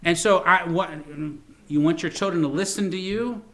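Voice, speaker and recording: Male pastor, middle-aged, a bit high-pitched, sermon delivery, conversational and repetitive. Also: moderate pace, a bit bright. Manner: preaching with frequent "Amen?" calls to the congregation; repeats words and restarts, folksy storytelling.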